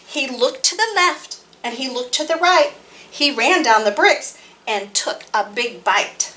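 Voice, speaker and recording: A woman hosting a library storytime, reading rhymes and picture books aloud to toddlers in a sing-song, expressive way. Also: high-pitched, measured pace, a little hiss or hum. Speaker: children's library storytime host.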